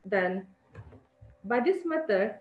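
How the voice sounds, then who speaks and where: A woman's voice: medium pitch, expressive, takes it slowly. Indian woman teaching chemistry, echoey lo-fi. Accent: Indian English. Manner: repetitive, stressing key points, addresses students as children. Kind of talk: classroom lecture. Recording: echoey lo-fi room recording.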